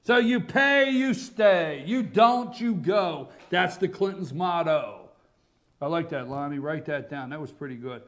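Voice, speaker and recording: A man hosting a morning talk show, ranting sarcastically and loudly about politics. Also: a little high, animated, a little slow. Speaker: radio talk show host. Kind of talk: political commentary monologue.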